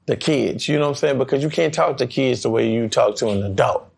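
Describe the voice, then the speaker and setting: Gravelly laid-back man from New Orleans. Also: mid-range voice, brisk. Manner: laid-back, repeats "you know what I'm saying". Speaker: author and rapper guest. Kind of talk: casual interview chat.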